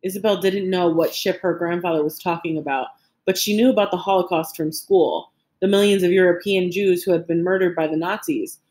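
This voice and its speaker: A woman reading a novel aloud as an audiobook narrator, measured and expressive. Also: on the low side. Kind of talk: scripted narration.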